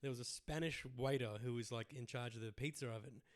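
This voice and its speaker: A man's voice: mid-range voice, fairly quick. A man hosting a comedy podcast, chatty and easygoing, laughing often as he tells his own stories. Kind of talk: casual podcast chat.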